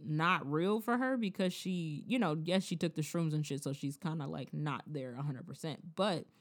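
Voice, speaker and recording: A woman in casual chat, recapping a TV episode in a blunt, profane, animated way. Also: low-pitched, moderate pace.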